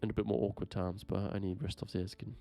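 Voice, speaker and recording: A man's voice: low voice, little pitch movement, fast, mellow. A man co-hosting a casual podcast, rambling through stories, laughing often and swearing freely. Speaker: podcast co-host. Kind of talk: casual chat. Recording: dry with faint music.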